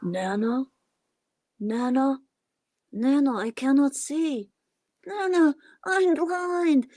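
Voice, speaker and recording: A woman's voice: sits high, drawn-out words, a little mellow, no room sound, studio quality, voice pushed up. A woman voicing a purple monster puppet in a halfway British, halfway Cockney voice that sounds like a grandmother. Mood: whiny. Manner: prim, old-fashioned phrasing.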